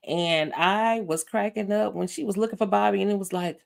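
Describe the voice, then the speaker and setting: A woman on a video-call panel recounts a scene in an animated, amused way. Her voice is mid-pitched and natural, and her talk is casual. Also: normal speed, creaky. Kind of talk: casual chat about a TV episode.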